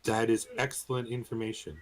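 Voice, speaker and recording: Casting: a male tabletop player, polite and halting, mid-pitched voice. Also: little pitch movement, rough recording. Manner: hesitant, polite, full of fillers. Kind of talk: tabletop role-play.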